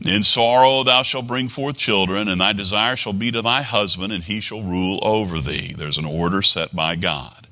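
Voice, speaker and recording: A male pastor delivering a sermon in a bright, sharp-edged voice that sits a little low. He alternates between reading scripture with rising emphasis and commenting plainly with fillers. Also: normal speed, few pauses. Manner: reads scripture in old-fashioned phrasing, then comments in plain speech with fillers.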